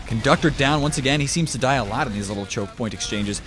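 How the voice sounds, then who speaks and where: A young man calls a competitive online match alone, in a loose, joking play-by-play that talks straight to the viewer. His voice sits at a middle pitch and leaps upward when a big play lands. A faint hiss runs under the home mic. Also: a little fast. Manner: chatty, jokey, talks to the viewer, excited jumps in pitch on big plays. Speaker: shoutcaster. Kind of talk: esports play-by-play commentary.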